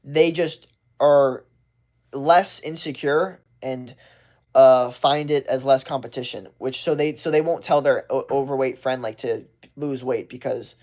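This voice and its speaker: A man's voice: steady tone, a little slow, a little mellow. Blunt, profane man ranting on a livestream. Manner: blunt and profane, rambling with restarts; acts out other people's lines in a higher voice. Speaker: livestream host. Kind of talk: casual livestream rant.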